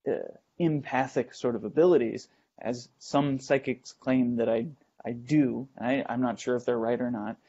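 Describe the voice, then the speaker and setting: A man hosting a show, telling a first-person ghost story in a halting way, with many fillers and restarts as he builds suspense, in a dull lo-fi recording. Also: medium pitch, steady tone, warm tone. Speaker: host.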